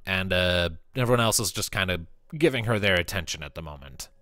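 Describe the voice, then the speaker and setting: Bright-voiced male game master. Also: sits low, expressive, a little fast, no room sound. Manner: casual, filler-heavy recap. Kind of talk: narrating a tabletop game.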